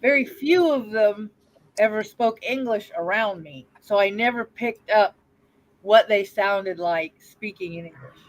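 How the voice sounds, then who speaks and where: Brief: blunt, chatty female podcast host, mid-pitched, casual storytelling. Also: a little slow, low-quality recording. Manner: chatty, blunt, laughs and swears freely. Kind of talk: casual chat.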